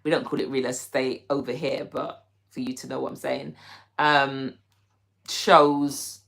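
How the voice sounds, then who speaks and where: She has a bass voice with a fairly bright tone and vocal fry, speaking a little slowly in a level tone. A young British woman, she hosts a live stream, reading the chat, giggling, and casually addressing viewers by name.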